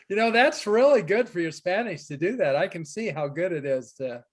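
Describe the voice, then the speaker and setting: Brief: upbeat Spanish teacher, man, higher voice, encouraging, chatty anecdotes over a video call. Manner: encouraging, storytelling with quick asides. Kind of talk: online class teaching.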